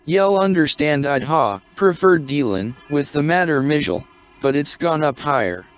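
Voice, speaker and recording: A man's voice: on the high side, expressive, normal speed, lightly acted. A man voicing a dour young Scottish ship's chief engineer, speaking dry and restrained in broad dialect. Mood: stern. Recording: dull, muffled lo-fi recording.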